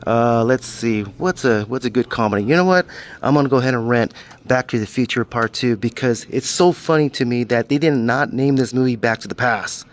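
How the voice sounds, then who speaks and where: A man's voice: mid-range voice, a little fast. Playful man talking in third person. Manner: playful, talks about himself in third person. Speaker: vlogger. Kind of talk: casual vlog walkthrough. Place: video rental store.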